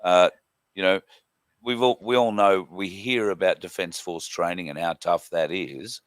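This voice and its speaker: Very deep-voiced interviewer. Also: male voice, fairly even intonation, clean tone, dry recording. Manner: friendly, halting questions with fillers. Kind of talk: casual interview.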